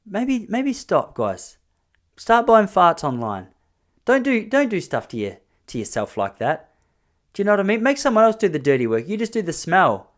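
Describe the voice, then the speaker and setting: A man hosting a solo podcast, rambling and joking in an animated way. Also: high-pitched, normal speed. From Australia. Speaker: podcast host. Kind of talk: solo comedic monologue.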